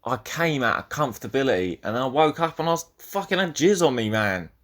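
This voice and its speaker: A man's voice: mid-range voice, expressive, a little fast, fairly bright tone. A young man hosting a solo podcast, rambling and swearing as he talks, often cutting himself off mid-sentence. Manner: rambling, profane, self-interrupting. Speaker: podcast host.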